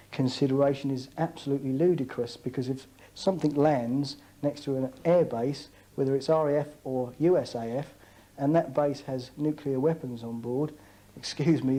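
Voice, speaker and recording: A man who served in the air force giving measured, hesitant testimony in a documentary interview, with frequent fillers. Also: medium pitch, mellow, poor audio. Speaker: former RAF serviceman interviewee.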